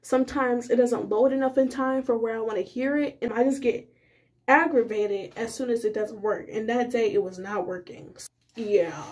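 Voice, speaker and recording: A young woman telling a casual storytime, rambling and animated, with many fillers. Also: on the high side. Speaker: vlogger.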